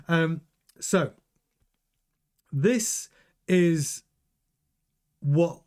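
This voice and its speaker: A man hosting a daily motorsport news show, chatting frankly and giving his opinions while greeting viewers in the live chat. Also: a little high. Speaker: news channel host.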